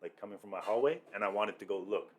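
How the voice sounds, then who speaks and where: A man's voice: on the low side, husky. A Canadian man telling stories in a casual podcast chat, rambling loosely with lots of "like". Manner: laid-back, quick rambling with lots of "like". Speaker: podcast co-host.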